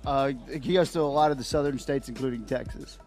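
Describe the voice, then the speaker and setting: A man's voice: mid-range voice, darkish tone. Man hosting a radio show over music. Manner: brisk, cueing clips to a producer. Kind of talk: casual radio banter.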